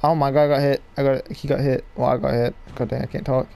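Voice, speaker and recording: A young man rambling excitedly to viewers as he plays a game, recorded at home with game music behind him. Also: medium pitch, quick pace, gravelly. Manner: excitable, rambling, talks to viewers while playing. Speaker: gaming YouTuber. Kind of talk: casual let's-play commentary. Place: home room, people audible outside.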